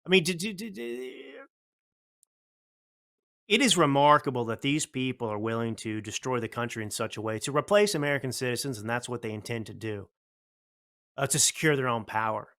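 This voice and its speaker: A man hosts a political commentary talk show in a bright, forceful voice. He is blunt and combative. He fires off rhetorical questions. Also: mid-range voice, lively intonation, fairly quick, gravelly. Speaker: show host.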